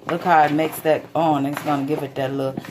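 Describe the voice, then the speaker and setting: Woman hosting a relaxed home cooking video, talking warmly and loosely to her viewers with the odd curse. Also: low voice, brisk, background noise. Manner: chatty, folksy, calls viewers sweet babies, swears casually. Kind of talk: casual cooking demonstration. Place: home kitchen.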